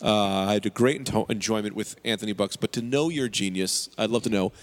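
Gravelly man in a reverberant room. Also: lowish voice, brisk. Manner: rambling, stumbling restarts. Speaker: comedian, podcast regular. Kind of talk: casual podcast banter. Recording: long reverb.

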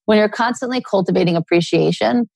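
A middle-aged woman, a guest author, talking earnestly in a relaxed interview and telling personal stories. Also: mid-range voice, fairly quick, vocal fry, breathy edge, no room sound. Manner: earnest, storytelling with acted quotes.

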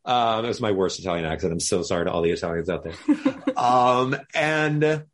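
A man, a podcast guest, telling a lively story with laughter and acted-out quotes. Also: on the low side, fairly quick. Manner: animated, laughing, acts out quoted voices.

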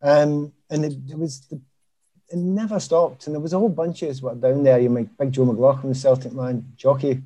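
A Glaswegian man with a soft, husky voice and a mellow, warm tone. He chats easily as a podcast guest, rambling into self-deprecating stories about his football days. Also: mid-range voice, steady tone, brisk, highs cut off. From Easterhouse, Glasgow, Scotland. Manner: chatty, self-deprecating storyteller. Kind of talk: casual podcast interview.

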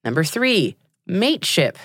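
A woman's voice: fairly low pitch, very animated, a little slow, a bit bright, husky, no room sound, clean studio sound. A woman hosting a news podcast, reading a script with a chatty, joking manner. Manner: chatty, jokey asides. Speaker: podcast host.

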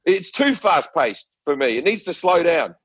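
A man's voice: on the high side, very animated, normal speed, slightly rough, no echo, highs cut off. A middle-aged Australian man on a podcast, ranting and swearing with lots of stammered restarts. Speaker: guest comedian. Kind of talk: casual podcast chat.

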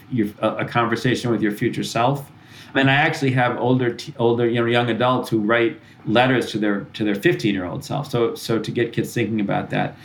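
Male author guest, mid-pitched, earnest explainer who restarts sentences a lot. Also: low-quality recording. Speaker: author and parenting expert guest. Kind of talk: interview answers.

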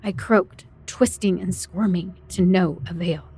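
A woman's voice: lowish voice, fairly even intonation, unhurried, warm tone, a little hiss or hum. A woman narrating a first-person horror story in a tense, dramatic way.

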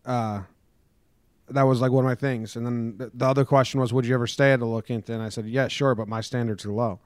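A young man co-hosting a casual chat podcast, laid-back and wry. He swears now and then. His voice is at a middle pitch and recorded close and dry. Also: steady tone, fast talker, dry recording. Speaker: podcast co-host.

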